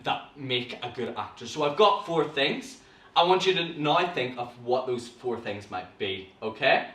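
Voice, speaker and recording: A young man with a Northern Irish accent, teaching an online acting class to viewers in an animated, theatrical way full of gasps and sudden bursts. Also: on the high side, roomy sound, recorded from a distance. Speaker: drama teacher.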